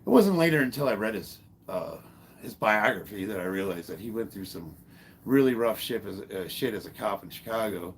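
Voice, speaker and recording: A man in his fifties, a former Marine, telling a long personal story in a casual, halting way, swearing freely and stopping to restart his sentences. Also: fairly low pitch, lively intonation, a little hiss or hum. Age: 50s. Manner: halting, profane, full of fillers and restarts. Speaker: fitness vlogger and former Marine.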